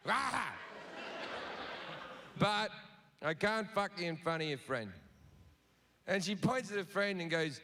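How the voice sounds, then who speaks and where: Male stand-up comedian, high voice, crude storytelling, long theatre reverb, audience noise behind. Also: lively intonation, measured pace, pauses often, bright, forceful tone. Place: large theatre stage.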